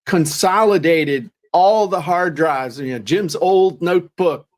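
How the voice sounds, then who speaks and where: A man's voice: fairly high pitch, unhurried. A man co-hosting a podcast, talking in a chatty, joking, self-deprecating way. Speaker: podcast co-host. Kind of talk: casual chat.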